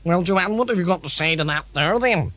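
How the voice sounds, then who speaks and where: A brash, exasperated man hosting a spoof talk show, swearing freely. His voice sits high and sounds dry and close. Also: animated, a little fast, a bit bright, no echo. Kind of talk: comedy sketch.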